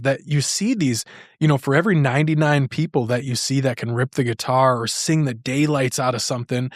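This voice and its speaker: A man's voice: medium pitch, dry recording. Chatty male podcast host, dry sound. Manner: rambling, many restarts and fillers. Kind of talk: casual interview chat.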